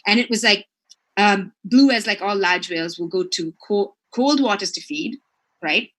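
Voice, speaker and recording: Bright-voiced woman telling an animated story. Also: mid-range voice, moderate pace. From Sri Lanka. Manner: chatty, fillers like "right?" and "like". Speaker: marine biologist guest.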